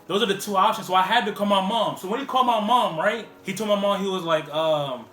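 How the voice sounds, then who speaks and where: Guy doing a storytime vlog, high voice, talks super fast, says like a lot, echoey room with music low behind. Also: a bit bright. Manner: rambling, heavy use of "like" fillers. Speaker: vlogger. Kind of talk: casual storytime.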